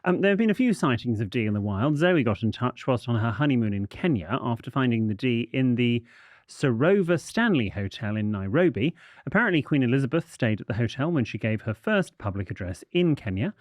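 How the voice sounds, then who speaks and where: A man's voice: mid-range voice, expressive, brisk, no echo. A man co-hosting a podcast, reading listener messages with a wry, dry manner. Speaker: podcast co-host.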